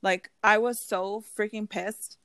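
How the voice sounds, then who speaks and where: A woman's voice: medium pitch, steady tone, a little slow, bright, forceful tone, dry recording. A woman in casual conversation, telling a personal story bluntly with heavy swearing and quoting what people said. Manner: blunt and profane, storytelling with quoted voices. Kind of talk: casual chat.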